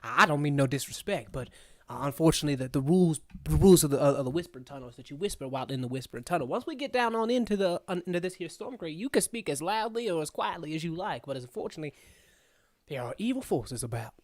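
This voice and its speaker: A man's voice: on the high side, animated, fast talker, a little mellow, no echo, studio quality, close to an everyday voice. A man voicing a fussy, stammering, overly polite male clock gnome who talks in a folksy way and calls people sir. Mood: earnest.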